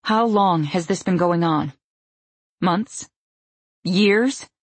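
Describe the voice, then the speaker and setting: A stern, protective mother, voiced by a woman narrator, brisk and firm in every word. The voice is low and husky. It sounds dry and close, with no room around it. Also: no echo, heavily acted.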